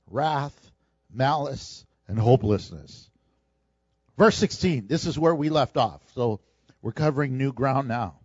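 A man preaching a sermon, animated and humorous, acting out the people in his story. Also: mid-range voice, slightly rough, dry recording, highs cut off. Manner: animated preaching, acts out quoted voices with humor. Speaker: pastor.

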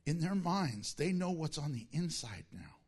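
Male pastor, high voice, swooping delivery, sermon with acted-out asides. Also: normal speed, husky. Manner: animated, acts out disciples' voices.

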